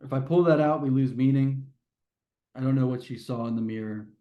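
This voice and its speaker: A man's voice: mid-range voice, a little fast, muffled recording. A man teaching a test prep grammar lesson to a class, explaining step by step and often restarting his phrases.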